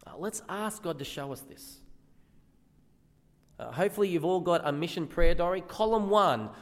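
A man's voice: high voice, expressive, normal speed, in a large hall. A man preaching a sermon in earnest, often asking the listeners questions.

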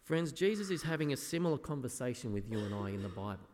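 A man preaching an earnest sermon as a pastor, often dropping to a soft, quiet voice. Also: medium pitch, very animated, fast talker. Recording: echoey hall with long reverb.

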